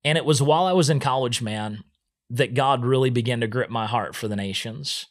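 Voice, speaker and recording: A podcast guest with a medium-pitched voice tells his own story a little fast. His casual, animated manner often has him acting out things he once said.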